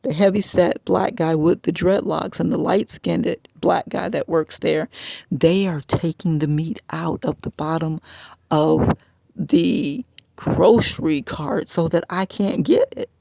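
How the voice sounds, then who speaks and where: Gravelly-voiced woman, agitated personal rant. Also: fairly low pitch, slow pace, a little mellow, no echo. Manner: agitated, frustrated storytelling.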